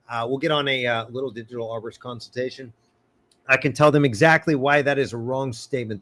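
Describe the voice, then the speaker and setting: A man's voice: mid-range voice, a bit bright. A man hosting a casual live arborist Q&A, cracking puns and laughing often as he answers viewers. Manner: joking, punny, laughs often. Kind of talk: casual livestream Q&A.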